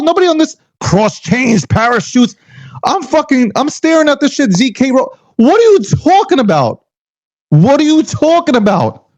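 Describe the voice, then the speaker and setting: A man talking crypto in a heated, profane, casual rant, firing off emphatic rhetorical questions. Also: very high voice. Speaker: crypto commentator. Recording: dull lo-fi audio.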